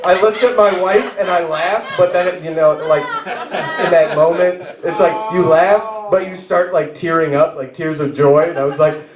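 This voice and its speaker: A man's voice: a little high, fairly even intonation, moderate pace, a crowd in the background. A man in his thirties doing a stand-up comedy set, rambling and laughing at his own jokes. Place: bar stage, live open mic. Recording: roomy bar with echo.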